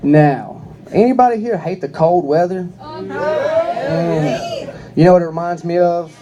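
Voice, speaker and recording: A young man doing a club stand-up set tells drawling stories and performs the quoted voices himself. His high-pitched voice swings widely in pitch at an unhurried pace, with heavy background noise in the recording.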